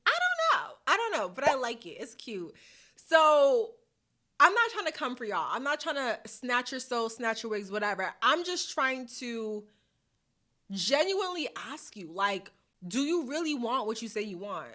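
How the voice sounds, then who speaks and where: Woman vlogging at home, sassy slangy pep talk, bright voice. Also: fairly high pitch, very animated, moderate pace. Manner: chatty, playful, sassy slang, laughs often. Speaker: podcast host. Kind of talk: casual motivational talk to camera. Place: hot room at home. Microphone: camera mic.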